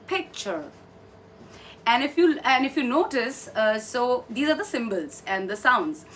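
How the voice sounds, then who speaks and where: Female trainer, higher voice, calm step-by-step explainer; mic a little distant, faint background noise. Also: moderate pace. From India. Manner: patient, explains step by step, repeats words for practice. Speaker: English pronunciation trainer. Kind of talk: online pronunciation lesson.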